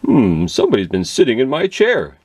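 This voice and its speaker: A man voicing a big storybook bear in a slow, pondering, gruff voice. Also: mid-range voice, wildly swooping pitch, a little mellow, dry recording, voice pushed up, heavily acted. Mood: puzzled.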